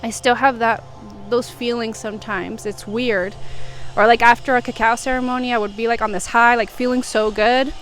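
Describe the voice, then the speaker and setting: A woman's voice: on the high side, fairly even intonation, normal speed, faint music behind. A young woman from the United States, talking through her feelings in a rambling, reflective confessional vlog from her home in Vietnam. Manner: reflective, rambling, soft-spoken. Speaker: vlogger. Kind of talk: emotional confessional monologue.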